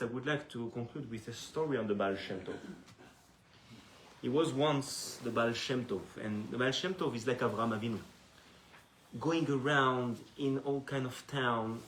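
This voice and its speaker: Animated man telling a sermon story. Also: mid-range voice. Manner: animated storyteller, frequent restarts. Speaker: rabbi. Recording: echoey room, faint noise.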